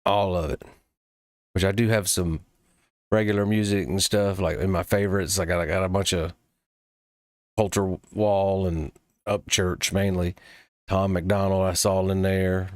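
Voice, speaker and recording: Very deep-voiced man rambling casually. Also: level tone, darkish tone, dry recording, studio quality. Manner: rambling and loose, casual cursing, many "uh" pauses. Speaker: developer demoing his own app. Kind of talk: casual late-night screen-recording talk.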